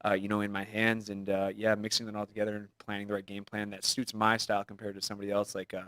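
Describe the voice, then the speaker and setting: A man in his thirties, a fighter sitting in as guest, talks loose and quick in a casual interview. His voice is on the low side and rushes along. The studio recording is dry and close. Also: completely flat delivery, a bit bright, no echo. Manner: rapid, loose, laughs easily.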